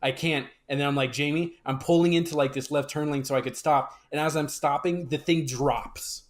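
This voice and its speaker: Excitable young man telling stories. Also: fairly high pitch, fairly quick. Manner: excitable storyteller, says dude and bro. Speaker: podcast co-host. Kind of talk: casual chat.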